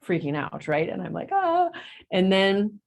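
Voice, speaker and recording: A middle-aged woman telling a story to her coaching group in casual chat, acting out the quotes with big leaps in her voice. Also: normal speed. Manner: animated, acts out quotes with big jumps in pitch. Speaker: real estate agent in coaching group.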